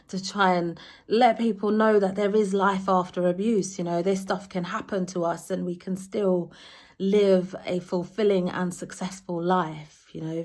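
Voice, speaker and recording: A woman poet talking earnestly and openly emotionally to camera, restarting and correcting herself as she goes. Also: on the low side. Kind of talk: personal talk to camera.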